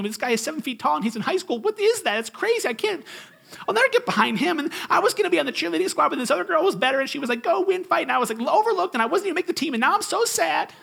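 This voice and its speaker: A man's voice: extremely high pitch, pushed and bright, voice pushed up, heavily acted. A man voicing a whiny, entitled teenager who keeps making excuses in a self-pitying rant.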